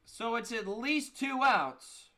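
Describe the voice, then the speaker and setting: A man's voice: very high-pitched, lively intonation, takes it slowly, bright, forceful tone. A young man giving casual live baseball play-by-play, tired and yawning, with self-mocking asides between the calls. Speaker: play-by-play streamer.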